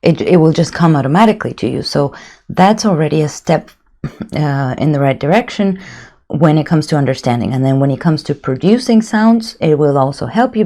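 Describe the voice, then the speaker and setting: A woman's voice: deep voice, dark tone. A woman giving a casual video lesson on pronunciation, chatty, with many fillers and restarts. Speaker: language teacher.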